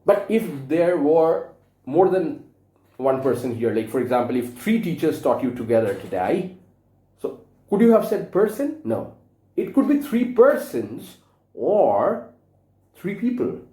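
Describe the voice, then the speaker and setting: A man's voice: on the high side, sing-song, a little slow, mellow, roomy sound. A male teacher giving an online grammar lesson to young children, patiently spelling out words letter by letter and asking them to repeat after him.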